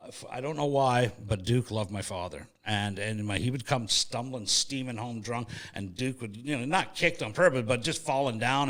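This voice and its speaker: A male podcast host tells a funny family story with animated, jokey delivery. His voice sits at a middle pitch. He talks in a relaxed, casual way. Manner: animated, jokey anecdote telling.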